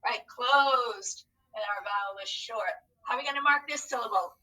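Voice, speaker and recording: Upbeat high-voiced woman teaching phonics. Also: normal speed, bright, forceful tone, recorded from a distance, low-quality recording. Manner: upbeat, coaxing, speaks to unseen students. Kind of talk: recorded phonics lesson.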